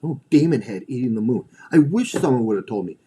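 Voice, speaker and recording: A man's voice: medium pitch, animated, fast, warm tone, husky. Blunt, profane ranting man. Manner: repeats and restarts phrases. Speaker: livestream host. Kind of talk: ranting livestream talk.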